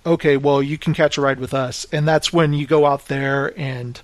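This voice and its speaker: A man's voice: medium pitch, normal speed, no echo. A man in a casual film discussion, eagerly retelling scenes and acting out the characters' lines. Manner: animated retelling, acts out quoted lines. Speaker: film podcast co-host.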